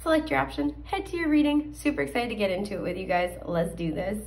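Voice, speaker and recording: A young woman chats her way through a casual tarot reading, speaking at a middling pitch. Her voice is scratchy, and she fills her talk with ums and little laughs. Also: lively intonation, fast, darkish tone. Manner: chatty, many fillers and little laughs. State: scratchy voice, coughing. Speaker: tarot card reader. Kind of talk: casual pick-a-card reading.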